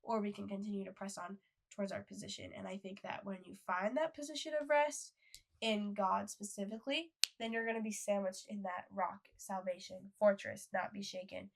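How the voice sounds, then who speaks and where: A woman's voice: mid-range voice, fairly even intonation, brisk, vocal fry. A young woman co-hosting a casual faith podcast, reading scripture aloud and then explaining it. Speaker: podcast co-host.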